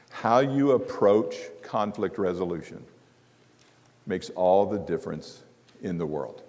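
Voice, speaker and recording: A middle-aged guest preacher with a fairly low, slightly mellow voice delivers a sermon on marriage to a congregation in a church sanctuary. He tells stories conversationally and with humor, and the recording carries a long hall reverb.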